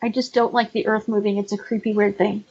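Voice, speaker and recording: A woman's voice: medium pitch, flat delivery, brisk, darkish tone, breathy edge, lo-fi sound. A woman co-hosting a casual podcast chat, earnest and a little anxious. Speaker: podcast co-host.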